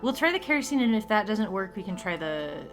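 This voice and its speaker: Woman streamer, tired, giggly, casual halting talk, faint music behind. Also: medium pitch, very animated. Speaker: streamer playing a detective game. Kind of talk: casual chat.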